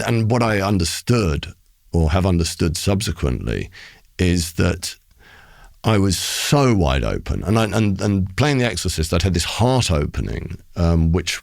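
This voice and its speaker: A middle-aged man with a low, gravelly voice tells his story with theatrical flair, often acting out the voices of other people. He stops and restarts his sentences as he goes. The studio sound is close and dry. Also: a little mellow, no room sound. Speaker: guest poet. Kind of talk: storytelling interview anecdote. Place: recording studio.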